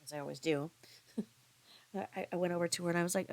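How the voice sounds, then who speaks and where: Gravelly low-voiced woman telling a story. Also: fairly quick, pauses often, a little mellow, no room sound. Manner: rambling, chatty, with frequent restarts and asides. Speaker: vlogger. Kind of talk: casual storytelling monologue.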